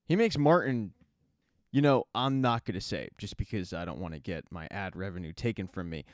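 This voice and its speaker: A man's voice: sits low, lively intonation, fairly quick, smooth, no echo, clean studio sound. A man hosting a casual spoken recap of a TV season, chatty and adding offhand asides as he goes. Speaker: TV recap host.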